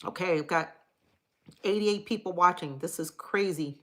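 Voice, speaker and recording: Middle-aged woman, livestream host, low-ish voice, blunt, casual and profane. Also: moderate pace. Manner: frank and profane, chatty. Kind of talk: casual live chat reading viewer comments.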